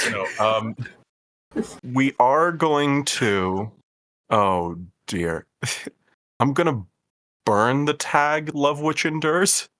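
Slow-talking guy playing a tabletop game, laughs a lot, hesitant. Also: medium pitch, a bit bright. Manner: laughs often, hesitant, thinking aloud. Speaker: player.

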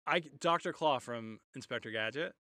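A man's voice: medium pitch, normal speed, pushed and bright, no echo, clean studio sound. A male comedian chatting as a podcast guest over a video call, hesitant and full of restarts. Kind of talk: casual podcast chat.

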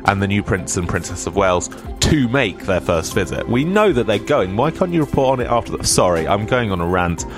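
A man's voice: on the low side, very animated, a little fast, few pauses, over music. A man hosting a casual radio show and reading the weather. He rambles with chatty, self-deprecating asides and sounds slightly stuffy from a cold.

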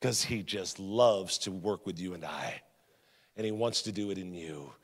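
A man preaching a sermon as a guest pastor, with repeated refrains and storytelling, jumping from loud punchy emphasis to quiet, low-spoken lines. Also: normal speed. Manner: energetic preaching, swings between loud emphasis and quiet drops. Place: church sanctuary. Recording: long reverb of a church hall.

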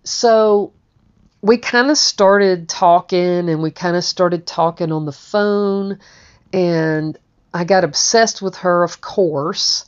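A woman's voice: fairly low pitch, takes it slowly, clean tone. A woman telling a personal story in a candid, rambling way, often repeating her words. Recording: dull lo-fi recording.

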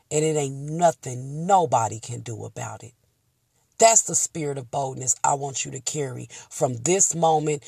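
A woman hosting a faith-based motivational talk in a preacherly, emotional way, moving from hushed tearful prayer to loud bold declarations. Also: on the low side, husky, no room sound. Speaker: motivational podcast host.

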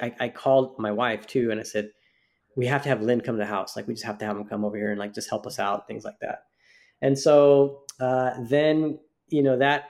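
Male podcast co-host, mid-pitched, talks in long rambling anecdotes. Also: a little mellow. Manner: rambling storyteller, many restarts and fillers. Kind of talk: casual chat.

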